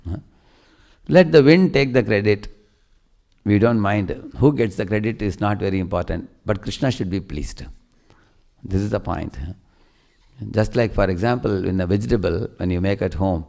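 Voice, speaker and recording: A man tells devotional stories in a sermon. He often checks in with his listeners. His voice sits on the low side with a gravelly rasp. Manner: animated storyteller, asks listeners questions. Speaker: preacher.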